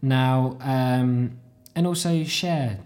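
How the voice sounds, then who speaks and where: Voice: extremely slow, a little mellow. A podcast host talking alone in a casual, rambling, self-deprecating way, a little tired late at night. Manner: rambling, self-deprecating, jumps into squeaky high voices for inner thoughts. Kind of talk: casual solo monologue.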